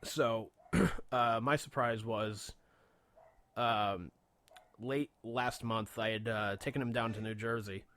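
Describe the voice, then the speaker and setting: A man's voice: medium pitch, steady tone, takes it slowly, a bit bright. A man co-hosting a radio show, telling a long story in a casual, rambling way, with frequent swearing and fillers.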